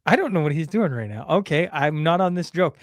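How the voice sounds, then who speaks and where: A man hosting a casual morning podcast, teasing his co-host with quick, lively asides. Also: fairly high pitch, no echo, studio quality. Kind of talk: casual morning show chat.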